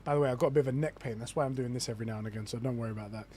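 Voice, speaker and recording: A man's voice: medium pitch, rapid-fire, dark tone, husky. A young adult man chatting casually on a live stream, theorizing in a rambling way with lots of restarts. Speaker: gaming streamer.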